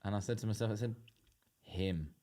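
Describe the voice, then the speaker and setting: A man's voice: low-pitched, brisk, a little mellow. A man telling rambling anecdotes about old housemates in a casual podcast chat, with fillers and laughs along the way. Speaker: guest.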